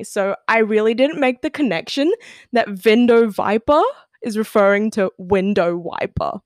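A woman's voice: a little high, dry recording, studio quality. A teenage girl from Australia hosting her own podcast, chatting casually, giggling often and filling her talk with "like". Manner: giggly, chatty, lots of "like" fillers. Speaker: podcast host. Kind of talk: casual solo podcast chat.

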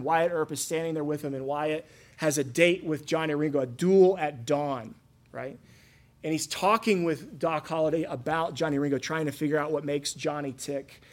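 A man in his thirties preaching a sermon, telling stories earnestly and asking his listeners rhetorical questions, shifting between loud and hushed. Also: on the high side. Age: 30s. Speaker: pastor.

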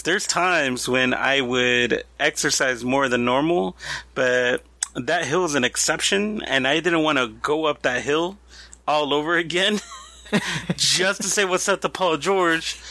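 A man co-hosting a podcast in casual chat, telling stories in an animated, joking way. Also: fairly high pitch, slow pace, no echo. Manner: animated storyteller, jokey. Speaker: podcast co-host.

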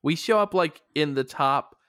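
A man's voice: on the high side, normal speed, fairly bright tone, clean tone, no room sound. A man with an American accent co-hosting a podcast in casual, joking chat, laughing often. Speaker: podcast co-host.

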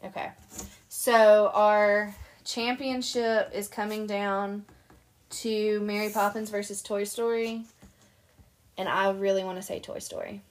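A young woman co-hosting a casual chat podcast, an animated storyteller who laughs often. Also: medium pitch, slow. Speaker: podcast co-host.

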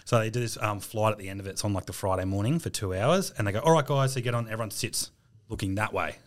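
Fast-talking Australian man telling stories. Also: lowish voice. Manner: animated, laughs through the telling, acts out other people's lines. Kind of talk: casual storytelling chat.

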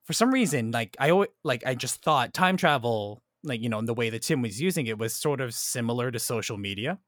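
A man's voice: mid-range voice, animated, brisk, fairly bright tone, no echo, clean studio sound. Chatty man hosting a film podcast. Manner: thoughtful, keeps checking in with "right?" and "like". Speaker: podcast host. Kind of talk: casual film discussion.

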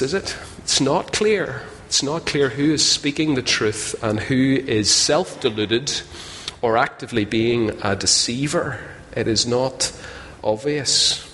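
A man's voice: mid-range voice, bright, forceful tone. A man preaching a sermon in a conversational, self-deprecating way, often putting questions to his listeners. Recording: long hall reverb, faint ambience.

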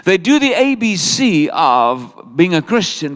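At a measured pace, a male preacher's high, fairly bright voice makes big, lively pitch leaps as he jokes and fires rhetorical questions at his congregation. His words trail off in the long echo of the church hall.

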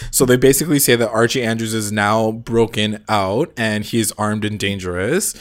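A man's voice: fairly low pitch, normal speed, hardly any pauses. A man casually recapping a TV episode with a co-host, chatty and swearing often. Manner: chatty, swearing, acts out lines in quoted voices. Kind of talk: casual chat.

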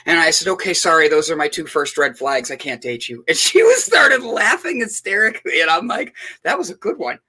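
A man hosts a loose on-air chat, full of jokes and self-interrupting restarts. His voice sits a little high and sounds bright and forward. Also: big pitch swings, fairly quick, few pauses, slightly rough. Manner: playful, joking, rambling with restarts. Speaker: host.

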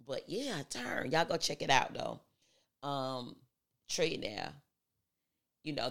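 A woman talking casually to her viewers, reciting affirmations with growing emphasis and laughing easily between thoughts. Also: extremely low pitch. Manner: chatty, laughs easily, talks straight to viewers. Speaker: vlogger sharing a morning routine. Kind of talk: casual motivational talk.

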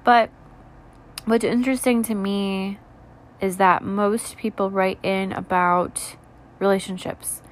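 A tired woman in her twenties, rambling candidly in a soft, low voice during a late-night reflective vlog chat, with lots of "like" and "you know". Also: level tone, slow. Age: 20s. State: tired, yawning. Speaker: vlogger.

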